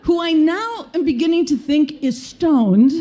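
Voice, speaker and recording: A woman from the American Midwest tells a story live on stage, wry and self-mocking. Her voice sits high, yet its tone is mellow and warm. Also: animated, a little slow. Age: 30s. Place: stage of a small music venue.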